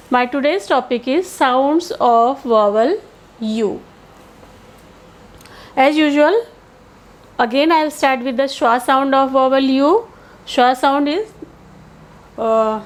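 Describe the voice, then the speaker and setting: Slow, high-voiced woman teaching vowels. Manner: slow, careful explanation with sounds spoken out. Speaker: English teacher. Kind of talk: pronunciation lesson.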